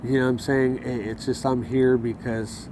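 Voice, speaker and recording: A man's voice: mid-range voice, level tone, normal speed. A man telling his story in a casual outdoor interview, heated and profane, acting out what others said to him. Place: outdoors in a city. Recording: outdoor street noise.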